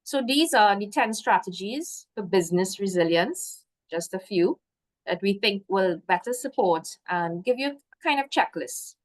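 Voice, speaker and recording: A woman's voice: medium pitch, expressive, a little slow. A woman presenting a business workshop over a video call, encouraging and working through a list of points. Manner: encouraging, lists points, frequent "so". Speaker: workshop guest host. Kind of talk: webinar presentation.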